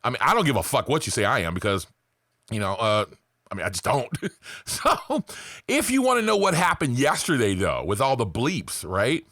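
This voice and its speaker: A man's voice: mid-range voice, huge pitch swings, normal speed, pushed and bright, dry recording, studio quality. A man vlogging to his viewers in a casual motivational rant, emphatic and profane, peppered with "man" and "right". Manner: fillers like "man" and "right", rambling.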